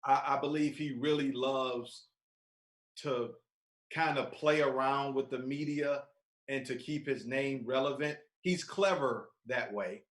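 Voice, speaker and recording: Man, calm and laid-back, measured sports talk, roomy echo. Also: medium pitch. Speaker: podcast co-host.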